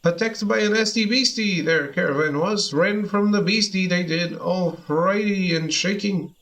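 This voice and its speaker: A man's voice: high voice, measured pace, a bit bright, low-quality recording. A man voicing a cowardly bird-man creature who talks in backwards word order and squawks while pleading for his life. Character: cowardly male bird-man beast, fawning and sly. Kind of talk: reading game dialogue aloud.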